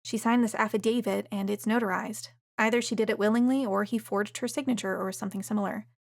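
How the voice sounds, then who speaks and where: Woman doing a young assistant, wry, blunt, mid pitch, dry close sound. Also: fairly even intonation, quick pace, vocal fry, no echo.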